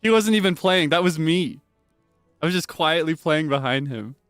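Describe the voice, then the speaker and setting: Excitable man streaming a game. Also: a little high, moderate pace, smooth, dry recording, faint music behind. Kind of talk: live gameplay commentary.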